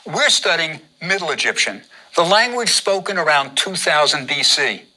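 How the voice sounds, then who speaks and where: A man with a very bright, forceful voice gives a patient drawing lesson. His pitch moves a lot, rising on each instruction and dropping as he finishes a step. He repeats every step calmly. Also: moderate pace, poor audio. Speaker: teacher.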